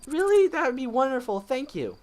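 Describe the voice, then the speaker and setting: Guy doing a squeaky nervous schoolgirl, stammers a lot, swoops way up high. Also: very animated, a little fast. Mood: flustered. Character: nervous shy young schoolgirl.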